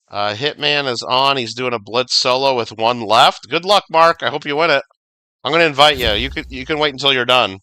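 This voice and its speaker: A man's voice: mid-range voice, brisk, bright, forceful tone, no echo. A man streaming a video game, chatting casually, reading viewer comments aloud and swearing now and then. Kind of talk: casual livestream gaming chat.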